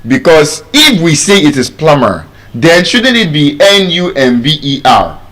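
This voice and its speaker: A man's voice: on the high side, big pitch swings, a little slow, a bit bright. A man with a Nigerian accent teaching English pronunciation, drilling words by repeating them. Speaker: pronunciation coach. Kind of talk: spoken English lesson.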